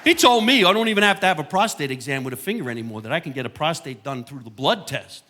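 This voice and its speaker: A man's voice: a little high, sing-song, fast. An older man with a New Jersey accent doing brash, crude live stand-up comedy on a stage mic. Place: high school auditorium stage. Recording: live audience laughter, noisy hall.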